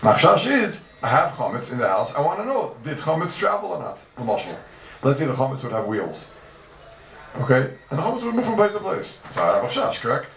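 A man teaching a Talmud class in a lively lecture style, repeating questions and mixing in Hebrew and Aramaic terms. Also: fairly high pitch, fairly quick, creaky, a little hiss or hum. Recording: echoey room, mic from far off.

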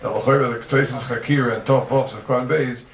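A man teaching a yeshiva-style Talmud class to students, animated and firing rhetorical questions at them. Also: medium pitch, fairly quick. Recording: roomy, distant mic, noisy ambience.

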